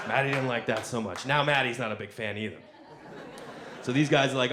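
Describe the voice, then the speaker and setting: A man's voice: medium pitch, brisk, slight background noise. A man on stage telling a long comic story to a live audience, acting out the voices of the people in it. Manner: animated, acts out voices of people in his story. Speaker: stand-up comedian. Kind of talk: stand-up storytelling.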